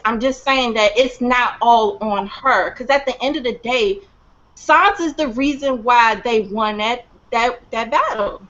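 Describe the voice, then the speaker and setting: Woman, firm, higher voice, muffled audio. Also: fairly bright tone. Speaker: guest panelist. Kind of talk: casual discussion.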